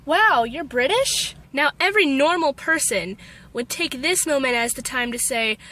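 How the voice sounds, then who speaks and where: Young Texan woman vlogger, American accent, self-mocking storyteller, sharp voice. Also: high voice, moderate pace. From Texas. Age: young adult. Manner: self-deprecating, animated storytelling. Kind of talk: storytelling vlog.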